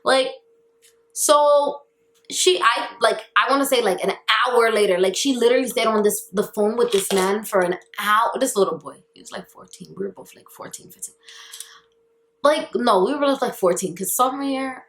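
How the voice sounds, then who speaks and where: A young woman telling a storytime vlog in an animated, exasperated way, full of slang. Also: on the high side, moderate pace, reverberant. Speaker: vlogger.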